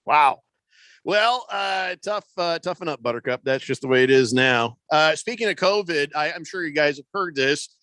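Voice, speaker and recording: A man's voice: a little high, lively intonation, moderate pace, sharp tone, dry recording. A man hosting a sports radio show in casual, rambling talk full of fillers and teasing asides.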